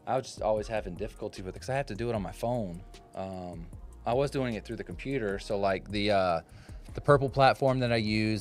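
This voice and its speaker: A man in his forties chatting casually and jokingly with viewers while carving on a phone live stream in his home workshop. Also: lowish voice. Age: 40s. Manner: joking, rambling, chats with viewers' comments. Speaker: woodcarving livestreamer. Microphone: phone propped up.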